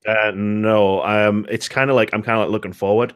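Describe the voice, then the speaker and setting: A man's voice: lowish voice, flat delivery, moderate pace, clean tone. A man co-hosting a casual gaming podcast, easygoing and self-deprecating. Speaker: podcast co-host and streamer.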